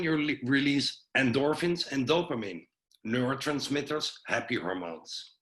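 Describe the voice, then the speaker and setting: A man's voice: mid-range voice, normal speed, a bit bright, rough recording. A man giving an informal health presentation on a video call, loose and chatty with lots of fillers and restarts. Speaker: webinar presenter.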